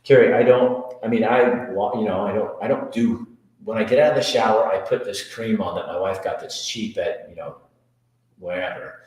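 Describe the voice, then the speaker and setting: A man's voice: fairly low pitch, moderate pace, a little mellow. A man hosting a casual live chat show, reading viewer comments aloud and answering them in a joking, rambling, self-mocking way. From Montana. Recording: very echoey room.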